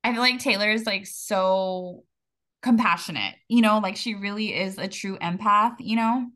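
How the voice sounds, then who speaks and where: A woman's voice: medium pitch, steady tone, normal speed, a bit bright. A young woman guest chatting casually on a podcast, laughing often and saying "like" a lot. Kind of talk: casual conversation about grief.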